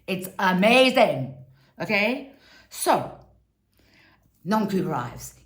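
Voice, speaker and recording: Woman, reality TV reviewer, sarcastic, theatrical, unhurried, roomy echo. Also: high-pitched, big pitch swings. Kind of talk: casual review commentary.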